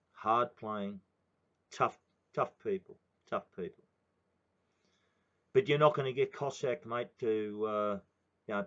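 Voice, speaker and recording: A man in his sixties with an Australian accent, ranting in a heated, swearing monologue. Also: lowish voice. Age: 60s. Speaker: political commentator. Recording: dull lo-fi recording.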